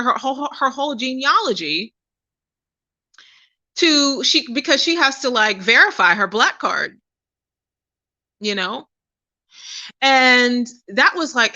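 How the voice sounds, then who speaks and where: A woman's voice: mid-range voice, bright, forceful tone, dry recording. A woman from Pittsburgh, a podcast host, telling stories in a loose conversational way, full of fillers and asides. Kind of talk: casual storytelling. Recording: dry, dull lo-fi.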